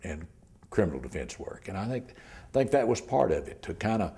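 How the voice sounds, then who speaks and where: An older man, a criminal defense lawyer telling his story in an oral history interview, halting and repeating words, often trailing off near a whisper. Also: low-pitched, big pitch swings, mellow, breathy edge.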